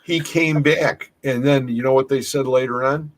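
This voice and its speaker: A man's voice: medium pitch, fairly even intonation, moderate pace, low-quality recording. A man telling paranormal stories in a casual chat, rambling and restarting his sentences often. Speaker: paranormal investigator.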